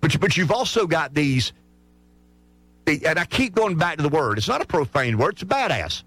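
Southern male radio host, rural drawl, lively pitch, emphatic and passionate, dry studio sound. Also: moderate pace, no echo. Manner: passionate, emphatic, repeats words as he builds his point. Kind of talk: morning radio talk.

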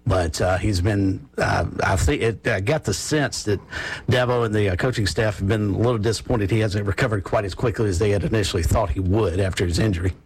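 A man co-hosting a sports radio show who hedges and thinks aloud as he answers. His voice is husky and sits low. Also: brisk. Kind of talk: casual radio talk.

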